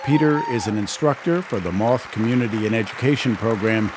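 A man hosting and producing a radio show, reading a measured, scripted introduction. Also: on the low side, a crowd in the background. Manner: measured, announcing. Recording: radio intro over guitar music and audience noise.

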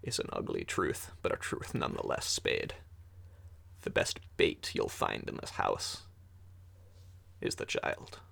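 A man voicing a grim old male gravedigger who speaks in a low, gravelly growl. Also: animated, normal speed, a bit bright, full character voice. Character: gruff old male digger with a shovel.

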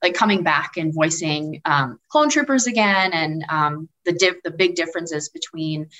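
A woman's voice: sits low, moderate pace, fairly bright tone, low-quality recording. A woman chatting casually as a podcast panelist, rambling and heavy on filler words. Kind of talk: casual chat.

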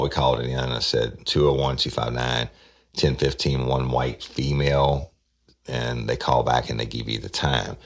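Very deep, gravelly man. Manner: blunt, profane and animated. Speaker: detective. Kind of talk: casual storytelling.

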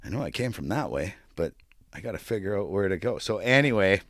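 A man's voice: fairly low pitch, animated, brisk, no room sound, studio quality. A middle-aged man telling a rambling, profane story in a casual podcast chat, laughing often. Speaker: podcast co-host.

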